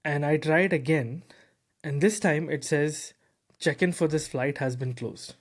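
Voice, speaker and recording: Man, podcast host, casual rambling story, animated, many fillers. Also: on the high side, unhurried. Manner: animated, repeats words, heavy fillers like "bro" and "you know".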